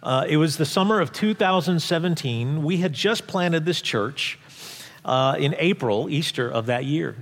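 A male pastor tells a story from the pulpit in a casual, halting way, often restarting his sentences. His voice sits a little high for a man. The sound rings with a long reverb from the hall. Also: animated. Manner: conversational, halting with restarts, drops quiet for tense moments. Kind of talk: sermon storytelling.

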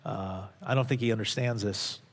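A man's voice: on the low side, normal speed, long reverb tail. A male pastor preaching a sermon, earnest and emphatic, repeating phrases for stress. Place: church sanctuary.

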